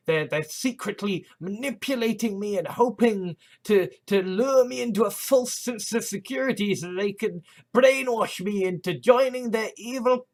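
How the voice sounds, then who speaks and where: Field: casual vlog monologue. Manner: halting, rambling, full of false starts and nervous chuckles. Pitch: middling, with lively rises and falls. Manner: rambling, halting with frequent restarts and nervous laughs; swearing, earnest and agitated. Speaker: vlogger.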